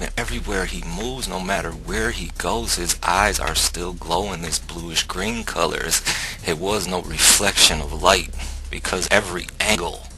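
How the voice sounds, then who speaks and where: A man's voice: deep voice, vocal fry, noisy background. A man telling a personal faith testimony in an earnest, emphatic, preacher-like way. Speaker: storyteller.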